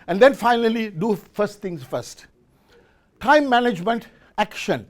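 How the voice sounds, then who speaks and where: This middle-aged man has a high-sitting voice with lively intonation and a slightly slow delivery. He gives a motivational business talk at a business forum, speaking to a live audience in an event hall, quizzing listeners and often restarting his words.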